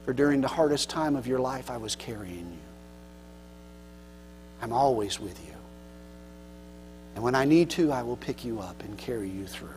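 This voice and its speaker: A man voicing a gentle, loving Lord who speaks softly and tenderly. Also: medium pitch, expressive, normal speed, pauses often, pitched below the performer's own voice, lightly acted. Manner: soft and tender. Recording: long hall reverb with mains hum.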